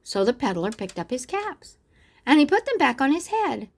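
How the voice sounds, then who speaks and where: An older woman reading a picture book aloud to children, expressively, and pausing to ask the listener questions. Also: sits high, big pitch swings, gravelly. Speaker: storyteller.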